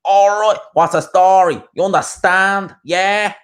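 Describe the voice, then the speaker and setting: A man voicing a loud, abrasive, cocky young Dublin lad with a heavy Dublin accent and a brash, swaggering manner. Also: high voice, fairly even intonation, a little slow, voice pushed up.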